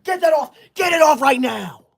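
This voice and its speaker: Comedy sketch: performer as a self-righteous young livestreamer, scolding and banning chatters in outraged shouts. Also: mid-range voice, expressive, moderate pace, lightly acted. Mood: indignant. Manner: indignant scolding, sudden shouted outbursts. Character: self-righteous school-loving young streamer, touchy.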